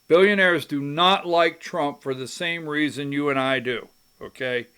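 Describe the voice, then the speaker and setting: Folksy guy hosting his own talk show, slow and rambling, kinda high voice, says stuff twice. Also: a bit bright, smooth. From rural Georgia. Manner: rambling, folksy, repeats phrases. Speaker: political talk show host. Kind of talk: casual commentary monologue.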